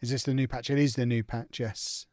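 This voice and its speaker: A man's voice: medium pitch, little pitch movement, brisk, a little mellow, dry recording. Teasing young male game streamer, dry sound. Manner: playful, teasing banter reading out chat. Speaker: live-stream host. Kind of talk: casual live-stream chat while gaming.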